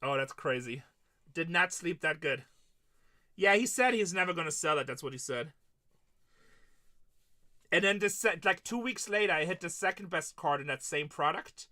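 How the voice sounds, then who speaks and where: A man's voice: fairly high pitch, animated, moderate pace, long pauses, pushed and bright. A man hosting a live card-break stream, chatting casually and retelling stories of his conversations with customers.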